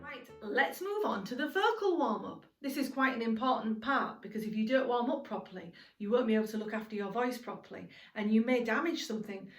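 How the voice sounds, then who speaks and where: A woman teaching a singing lesson to young children, encouraging and speaking slowly and clearly. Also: fairly high pitch, animated. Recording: roomy sound from a distance, music behind.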